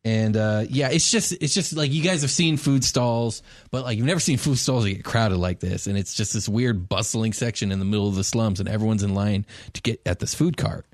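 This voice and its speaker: A man's voice: fairly low pitch, brisk, few pauses, no echo, clean studio sound. A man narrating as game master in a loose, chatty way, full of fillers.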